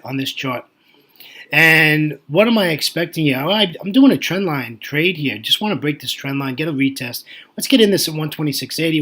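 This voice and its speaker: A man's voice: mid-range voice, fairly bright tone, husky. A man commenting on currency charts in a chatty, folksy way, thinking aloud with fillers and restarts. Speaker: forex market analyst.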